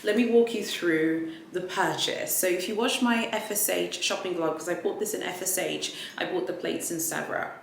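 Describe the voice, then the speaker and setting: A woman vlogger chatting casually through an unboxing, animated and full of fillers. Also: on the low side, moderate pace, creaky, few pauses. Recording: echoey room with faint ambient noise.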